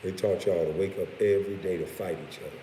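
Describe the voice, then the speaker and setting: A very low-voiced man holds forth in a blunt, profane rant, breaking off now and then to chuckle at his own lines. His voice carries a long room reverb, with a faint hiss underneath. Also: fairly even intonation, fast talker, mellow. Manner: blunt and profane, with laughing asides. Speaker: vlogger. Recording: roomy echo with faint hiss.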